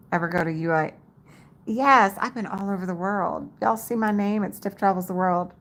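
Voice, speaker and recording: A woman with a lowish, gravelly voice hosts a casual livestream from her home in Las Vegas. She chats and laughs with viewers, reading their comments out loud by name.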